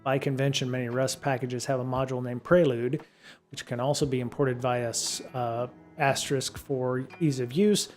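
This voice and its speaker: A middle-aged live streamer, speaking at a normal pace in a mid-range voice, works through a programming book steadily and then lapses into casual chat full of ums and restarts, with faint guitar music in the background.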